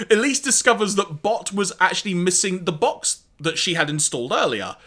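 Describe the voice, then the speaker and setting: A man co-hosting a podcast, recapping an episode in a casual, animated way with wry asides and laughs. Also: high voice. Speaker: podcast co-host.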